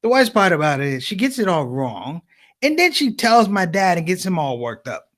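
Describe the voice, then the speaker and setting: Male stand-up comic, high-pitched, very lively delivery, addresses crowd directly. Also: moderate pace. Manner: animated storytelling, addresses audience as brothers and sisters. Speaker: comedian. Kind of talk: stand-up comedy.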